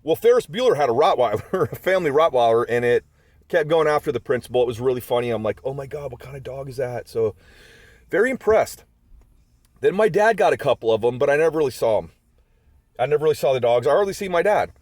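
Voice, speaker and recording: A man's voice: mid-range voice, big pitch swings, fast, a little mellow, no room sound. A man in his forties telling rambling, chatty stories about his dogs in a casual vlog. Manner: rambling, chatty storytelling with many asides. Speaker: dog owner vlogger.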